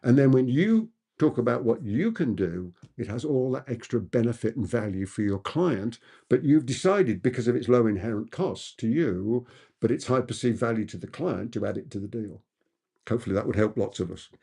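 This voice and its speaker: A man's voice: mid-range voice, expressive, normal speed, creaky, dark tone, slightly rough. A man who is a business coach, answering audience questions in an emphatic masterclass talk and repeating key points for effect.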